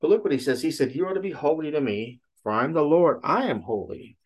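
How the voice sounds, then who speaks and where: A man's voice: on the high side, expressive, fast. A man preaching a sermon who retells a story with frequent "he said" tags and checks in with "okay?". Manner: retells a story with many "he said" tags, then teaches from scripture. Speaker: pastor.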